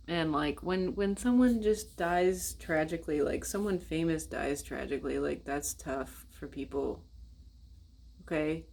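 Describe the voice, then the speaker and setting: A woman's voice: sits low, a little mellow. An American woman vlogging in casual, blunt, rambling talk, swearing and speaking straight to her viewers. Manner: blunt, rambling and profane, addresses viewers directly.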